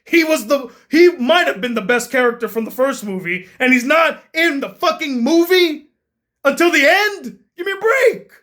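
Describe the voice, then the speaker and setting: A man giving a profane, exasperated comedic movie rant as a film critic, often bursting into shouts. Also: extremely high pitch, lively intonation, normal speed.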